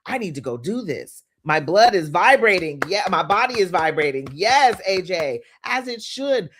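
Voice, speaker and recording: A livestream host leading guided gratitude visualization and slow repeated affirmations, shifting into informal, upbeat preaching with slang and greeting viewers by name. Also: mid-range voice, a bit bright. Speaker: host of a live money-mindset session.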